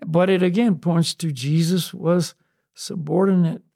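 A man in an unscripted spiritual discussion, talking slowly and searchingly with many restarts and "you know"s. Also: a little high, steady tone, vocal fry, warm tone, dry recording, studio quality. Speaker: podcast co-host on spiritual topics.

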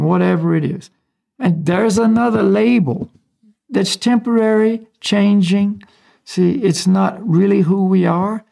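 A spiritual teacher, an American man, unpacks ideas in a laid-back, chatty way punctuated by small chuckles. He has a high-sitting voice with vocal fry and an unhurried pace.

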